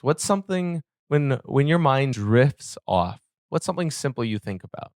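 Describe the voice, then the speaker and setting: A man narrating a tabletop game as game master with slow, descriptive scene-setting. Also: medium pitch, animated, a little mellow, no room sound, clean studio sound.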